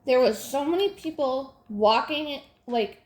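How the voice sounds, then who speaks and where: A woman's voice: high voice, unhurried, darkish tone. A young adult woman, venting in casual chat while she works on a craft, exasperated and full of fillers and restarts. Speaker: crafting vlogger. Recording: roomy echo.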